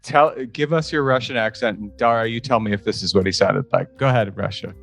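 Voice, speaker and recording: A man co-hosting a podcast interview, joking with quick interjections. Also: fairly low pitch, vocal fry, a bit bright, faint music behind. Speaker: podcast co-host.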